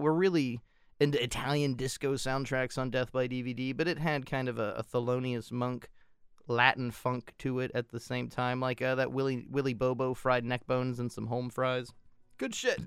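A man's voice: medium pitch, steady tone, moderate pace, clean tone, dry recording. American man, podcast co-host, profane rambler, resonant voice, dead-dry mic. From United States. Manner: rambling, profane, laughs a lot. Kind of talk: casual podcast chat.

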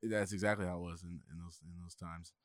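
A young man, a podcast guest, chatting in a relaxed way, trailing off softly and laughing at himself. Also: sits low, fast talker, no room sound, clean studio sound. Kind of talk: casual chat.

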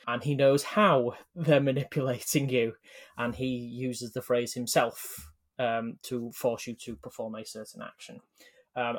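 A man co-hosting a casual gaming podcast, explaining things at length with many ums and halting restarts. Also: mid-range voice. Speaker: podcast co-host.

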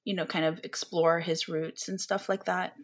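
A woman's voice: on the low side, flat delivery, moderate pace. A young woman with a North American accent, chatting as a podcast guest, thinking aloud with plenty of fillers and restarts. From Philippines. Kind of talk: casual interview chat.

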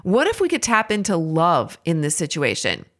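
A woman's voice: fairly low pitch, wildly swooping pitch, moderate pace, a bit bright. A woman speaking in a candid, self-examining way, giving a reflective monologue on faith and parenting.

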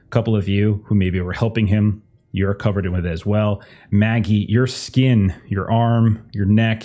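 Low-voiced male game master, relaxed, loose narration with fillers.

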